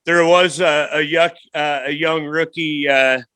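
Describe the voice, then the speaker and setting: A man's voice: a little high, steady tone, measured pace, bright, forceful tone, smooth, no room sound. A man hosting a casual podcast interview, chatty and enthusiastic. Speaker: podcast host.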